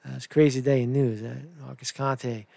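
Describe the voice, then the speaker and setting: A man's voice: medium pitch, little pitch movement, fast talker, creaky, dark tone, no room sound. A man giving solo political commentary, reading news aloud and reacting indignantly, rambling with frequent "right?" asides and swearing.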